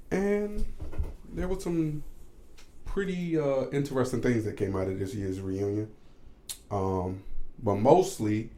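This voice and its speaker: A man co-hosting a laid-back podcast with his wife. His pitch swings widely as he jokes around and teases her in loose, slangy talk. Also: dark tone. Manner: loose, joking, teasing. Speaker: podcast co-host. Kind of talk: casual chat.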